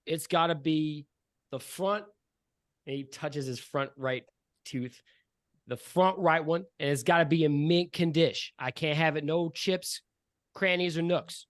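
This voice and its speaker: A man's voice: on the high side, a little slow, no echo, clean studio sound, lightly acted. A man voicing a streetwise male tooth fairy who haggles like a mobster. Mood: haggling. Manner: gruff mob-style haggling.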